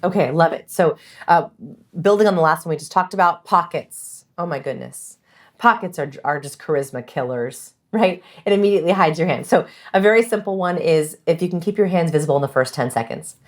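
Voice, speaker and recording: A woman guest giving animated, emphatic interview answers about communication, acting out example phrases. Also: lowish voice, a little fast.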